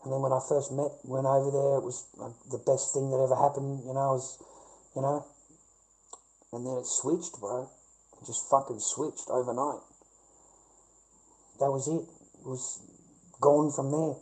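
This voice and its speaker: A man's voice: mid-range voice, little pitch movement, moderate pace, pauses often, warm tone, low-quality recording. A middle-aged Australian man ranting on his live stream, swearing heavily and calling the listener "mate". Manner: swears heavily, says "mate" a lot, mocking laughs. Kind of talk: casual ranting monologue.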